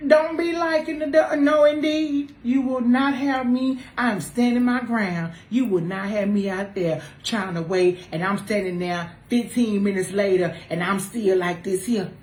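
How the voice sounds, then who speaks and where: A woman on a talk show panel chatting casually with friends, animated and teasing, jumping between loud exclamations and low asides. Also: a little slow, few pauses. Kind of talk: casual group chat. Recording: roomy echo with faint noise.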